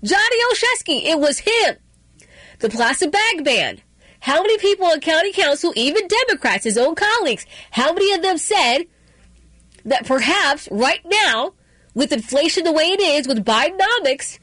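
A woman's voice: sits high, sing-song, normal speed, fairly bright tone, dry recording. A woman hosting a political talk radio show, opinionated and sarcastic, with frequent fillers and restarts.

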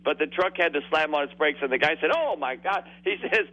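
A man's voice: fairly high pitch, fast talker, pushed and bright. A man in his sixties calling a radio show, telling rambling stories and laughing through them. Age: 60s. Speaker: caller. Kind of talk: phone-in storytelling. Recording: muffled phone line on the radio.

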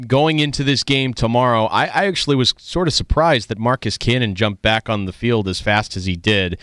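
A man's voice: medium pitch, fairly quick, a bit bright, no echo, studio quality. A man with a Boston accent co-hosting a sports radio show, asking casual, friendly questions. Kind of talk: radio interview and banter.

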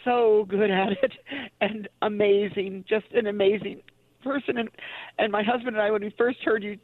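A woman's voice: mid-range voice, steady tone, normal speed, no echo. A woman calls in to a radio show, speaking emotionally and gushingly with frequent laughter. Her voice comes through dry and dull, like a phone line. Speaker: caller. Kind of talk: call-in radio chat.

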